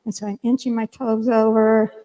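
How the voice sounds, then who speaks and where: An older woman minister preaching a sermon, telling a lively personal story and acting out her own lines in a church sanctuary. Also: fairly high pitch, moderate pace. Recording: long hall reverb.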